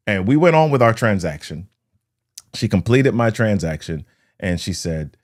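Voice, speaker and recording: A man's voice: lowish voice, lively intonation, a little slow. A man hosting a motivational leadership talk who tells stories and acts out the scenes with sound words. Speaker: host of a leadership talk show.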